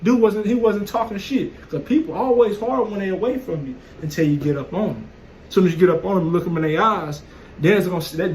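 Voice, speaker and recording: High-voiced man, blunt and profane monologue, faint background noise. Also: darkish tone, rough recording. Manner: blunt, profane, streetwise storytelling. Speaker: vlogger. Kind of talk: casual monologue.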